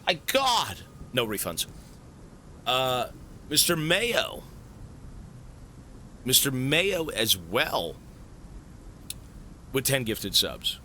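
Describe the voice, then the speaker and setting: A man streaming live, thanking viewers for gifts in an excitable, swearing, disbelieving way. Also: mid-range voice, very slow, pauses often, slight background noise. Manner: excitable, swears a lot, stunned outbursts.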